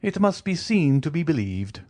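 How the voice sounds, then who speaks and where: A man voicing a wealthy, coolly ironic middle-aged count who talks in a teasing, measured way. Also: fairly high pitch, big pitch swings, a little mellow, voice pushed up. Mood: amused. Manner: teasing, measured, faintly mocking.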